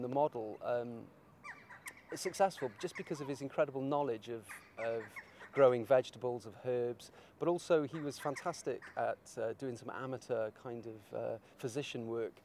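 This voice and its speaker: A man's voice: mid-range voice, normal speed, darkish tone, slight background noise. A man artist talking in a casual interview, rambling and searching for his words.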